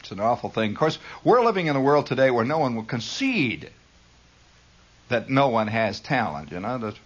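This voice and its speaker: A man rambles through a late-night radio monologue in a studio, dry and sardonic. His pitch swoops widely as he riffs, and he drifts from one aside to the next in a mock-grandiose tone. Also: big pitch swings, normal speed, breathy edge. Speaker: radio host.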